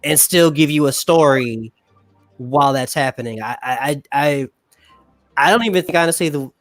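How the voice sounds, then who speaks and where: A man's voice: on the high side, normal speed, fairly bright tone, dry recording, studio quality, faint music behind. A man co-hosting a casual reaction chat over a remote call, rambling with frequent restarts. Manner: rambling, restarts often, laughs easily. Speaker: podcast co-host.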